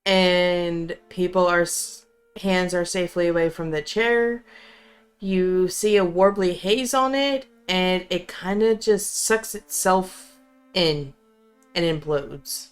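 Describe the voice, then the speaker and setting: A woman narrating a tabletop game as game master, describing scenes calmly. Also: lowish voice, takes it slowly, clean tone, soft background music.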